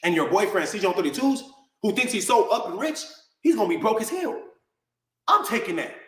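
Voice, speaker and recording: A man's voice: high-pitched, very animated, fairly quick, fairly bright tone, echoey room, rough recording. A man delivering a heated, confrontational rant straight to camera, full of slang. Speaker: online personality.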